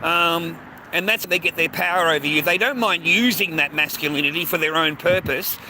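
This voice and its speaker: A man's voice: fairly high pitch, fairly quick, sharp tone. A man with an Australian accent in a rambling, casual monologue, talking bluntly and profanely and calling the listener "mate" over and over, recorded outdoors on a city street. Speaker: vlogger. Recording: noisy street with passing traffic.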